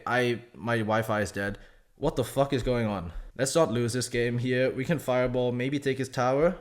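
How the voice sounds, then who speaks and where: A man hosting casual game commentary, rambling between stories and matches with plenty of swearing and self-mocking asides. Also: mid-range voice. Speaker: gaming channel host.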